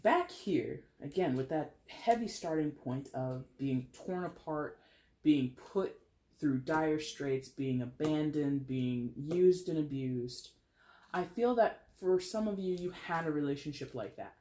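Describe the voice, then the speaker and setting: A man giving a casual tarot reading, chatty and animated, swearing now and then. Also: on the high side, measured pace, echoey room. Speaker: tarot reader.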